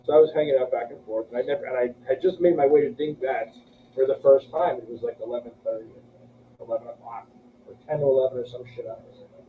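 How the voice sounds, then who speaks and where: A man, an interview guest, telling a story in a casual, animated, profane way and acting out what people said. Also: quick pace. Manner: animated, profane, acts out quotes in a higher voice. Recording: tinny distant lo-fi recording with faint noise.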